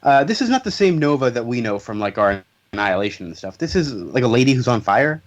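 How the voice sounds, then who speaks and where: A man chats on a comics podcast, breezily recapping plot and tossing in jokes. His voice sits at a middle pitch. The audio is a little dull and lo-fi. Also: sing-song, quick pace. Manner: joking, summarizes plots with playful voiced quotes. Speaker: podcast host. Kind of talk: casual comics podcast chat.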